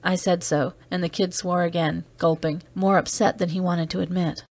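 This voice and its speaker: A woman's voice: fairly low pitch, no room sound. Woman reading as a terse seasoned agent. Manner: steady, measured storytelling. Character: weary man, seasoned off-world agent, terse. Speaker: audiobook reader. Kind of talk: scripted narration.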